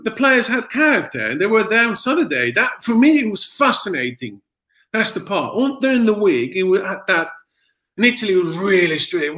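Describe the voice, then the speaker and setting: A man's voice: on the high side, poor audio. Ex-footballer guy, english not his first language, chatty, laughs a lot, lots of you know. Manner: animated storyteller, laughs often, many fillers. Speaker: former footballer, interview guest. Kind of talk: casual interview chat.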